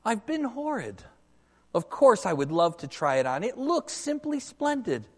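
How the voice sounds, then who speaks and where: A man's voice: high voice, very animated, measured pace, big-room sound, voice pushed up, heavily acted. A man voicing a meek, gullible male donkey from a storybook, speaking politely and apologetically. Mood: apologetic.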